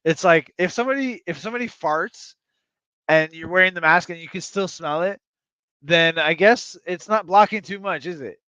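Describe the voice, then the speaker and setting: A man hosting a livestream in casual chat, chiming in with constant quick yeah-yeahs. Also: high-pitched, bright, forceful tone, clear, resonant tone, no echo. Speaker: livestream host. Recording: muffled lo-fi stream audio.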